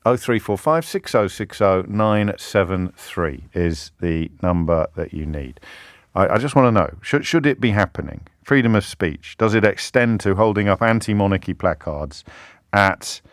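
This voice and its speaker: A middle-aged man hosting a radio phone-in, talking in a lively, self-interrupting way and slipping into mimicked heckler voices. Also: low voice, normal speed, no room sound, studio quality. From England. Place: radio studio. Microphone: studio microphone.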